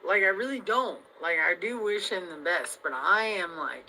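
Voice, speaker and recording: Woman vlogger, rambling profane rant to camera, very bright cutting tone, jumps between yelling and muttering. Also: lowish voice, expressive, normal speed, a little hiss or hum, rough recording. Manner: rambling, heavily profane, swings between loud outbursts and mutters. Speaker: vlogger addressing viewers. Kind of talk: casual venting monologue.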